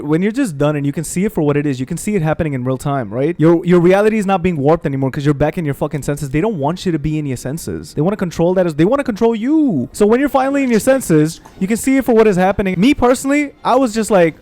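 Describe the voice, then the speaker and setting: A man's voice: high voice, fast, hardly any pauses. A man ranting with emphasis and plenty of profanity, giving commentary over gameplay. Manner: profane, animated, emphatic venting. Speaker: gaming streamer.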